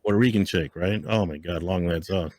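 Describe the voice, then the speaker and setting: A man's voice: sits low, a little fast, a little mellow, no echo. A middle-aged man co-hosting a podcast, telling stories in a loose, profane way, full of "right?" and "yo". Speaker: podcast co-host. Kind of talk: casual storytelling chat.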